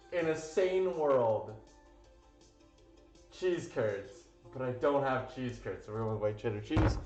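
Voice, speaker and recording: Cooking on a stream, this man talks in a medium-pitched, darkish voice, rambling loosely with fillers and offhand swearing. It's casual cooking chat captured in a roomy, muffled lo-fi recording with faint background music.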